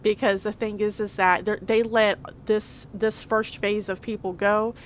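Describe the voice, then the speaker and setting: A woman's voice: mid-range voice, fairly even intonation, unhurried, slight background noise. A young woman crying and venting in a vlog, upset and stammering as she repeats herself. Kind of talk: emotional vlog monologue.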